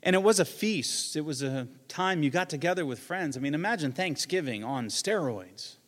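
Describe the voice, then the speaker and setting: A pastor delivering a sermon with a slightly higher-pitched voice than most men. He talks in a conversational way, slips in jokes and acts out the lines he quotes. His voice carries a long reverb, as if filling a large hall. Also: lively intonation, normal speed.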